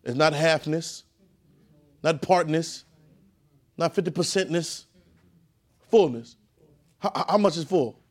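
A preacher with a somewhat high voice teaches a Bible class and draws spoken answers from the room. He hammers points through repetition and often sinks to a low, hushed voice for reverence. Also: takes it slowly, pauses often. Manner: emphatic and repetitive, often dropping to a low, quiet voice. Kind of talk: call-and-response Bible teaching.

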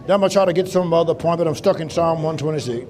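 A man pastor preaching a sermon in call-and-response style, breaking into shouts, in a church. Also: a little high, racing. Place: church sanctuary. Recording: live church with congregation responding.

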